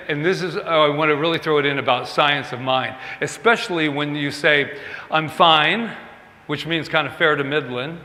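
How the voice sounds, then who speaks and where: A man's voice: on the high side, pushed and bright. A male minister giving a conversational, self-mocking sermon, acting out quoted dialogue as he goes. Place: church sanctuary. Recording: long hall reverb.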